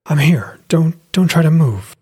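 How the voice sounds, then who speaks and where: A caring young innkeeper woman tends her hurt lover, gentle yet firm as she scolds him to rest, as a man puts her on. Her voice sits a little higher than the reader's own, husky and dry, close to the mic. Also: lively intonation, measured pace, no echo, exaggerated voice. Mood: worried.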